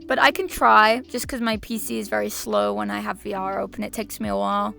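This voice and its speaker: A woman's voice: medium pitch, little pitch movement, fairly quick, gravelly, few pauses, bright, forceful tone. A woman streamer chatting casually with her viewers, gushing and sentimental in a playful way. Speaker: VTuber streamer. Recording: music playing under the voice. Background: background music.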